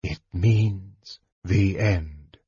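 A man voices a young male archmage who speaks coldly and softly, well below his narrating voice. The tone is husky and unhurried. The recording is dry and a little dull, from a fantasy audiobook. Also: lowish voice, lively intonation, no room sound, full character voice. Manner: cold and quiet.

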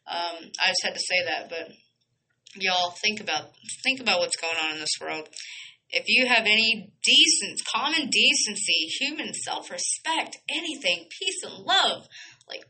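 A woman's voice: mid-range voice, lively intonation, measured pace, sharp tone, low-quality recording. A woman hosting a podcast, speaking in an impassioned monologue, blunt and emphatic, swearing freely and restarting phrases as she goes. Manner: repeats and corrects phrases mid-sentence. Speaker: podcast host.

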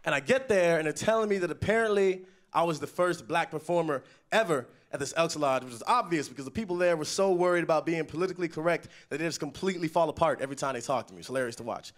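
A young man doing a stand-up comedy set on a festival stage, telling stories with animated delivery and sudden loud yelled impressions. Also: on the high side, fast.

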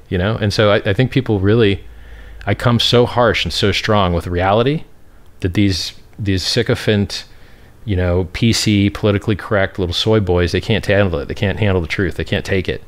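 Man, low voice, crypto founder, brash, scornful, boastful interview answers. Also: a little fast.

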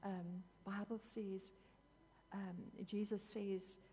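A woman's voice: medium pitch, level tone, takes it slowly, dark tone, big-room sound, slight background noise. A woman preaching a sermon in an earnest, emphatic way, repeating phrases for weight.

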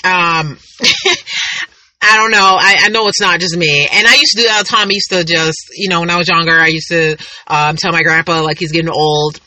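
A woman's voice: fairly low pitch, lively intonation, normal speed, pushed and bright, no room sound, low-quality recording. A woman in her thirties, hosting a casual podcast monologue and telling rambling, chatty stories with frequent laughs. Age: 30s. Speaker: podcast host.

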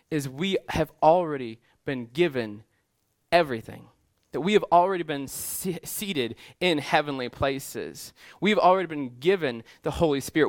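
A male pastor delivering a sermon, his voice sitting a little higher than most men's. He speaks earnestly, circling back over his words and pushing up in pitch as he stacks points into lists. The sound is dry and close, with little room around it. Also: no echo. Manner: earnest, repetitive restarts, rising emphasis in lists.

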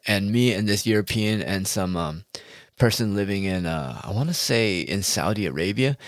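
A man's voice: on the low side, dry recording, studio quality. A man talking straight to his audience in a rambling, heated monologue, full of swearing. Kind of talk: casual ranting monologue.

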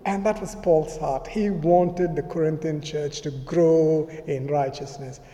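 Fairly high-voiced man preaching in a hall. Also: fairly even intonation, a little slow, dark tone. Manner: conversational preaching, acting out quoted speech. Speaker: pastor. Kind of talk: sermon. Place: church. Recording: reverberant church hall.

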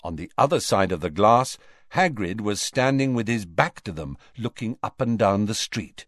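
A man reading an audiobook aloud in an expressive, varied way. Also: lowish voice, moderate pace, dry recording, studio quality. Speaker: audiobook reader. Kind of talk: audiobook narration.

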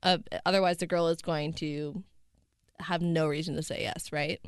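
A woman's voice: sits low, fairly even intonation, moderate pace, clean tone, no echo, clean studio sound. A woman in her twenties with a slight lisp, co-hosting a casual chat podcast in a playful, teasing way. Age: 20s. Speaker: podcast co-host.

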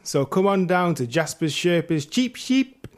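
A brash, whooping sheep salesman pitches his flock in a mock radio advert, put on by a man. His voice jumps high and loud into a catchphrase, all hard-sell pushiness. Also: very animated, unhurried, clean tone. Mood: salesy. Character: pushy hollering male sheep salesman in an ad.

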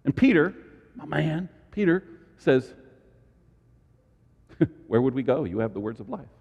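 A man preaching a sermon as pastor, animated, with dramatic asides and sudden high exclamations. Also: a little slow, vocal fry, husky, in a large hall, lo-fi sound.

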